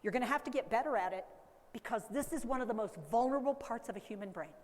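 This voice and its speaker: Animated woman speaking in a reverberant hall. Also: a little high, quick pace. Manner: animated, acts out baby talk and caregiver voices. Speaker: dementia care educator. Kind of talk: conference talk. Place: conference hall.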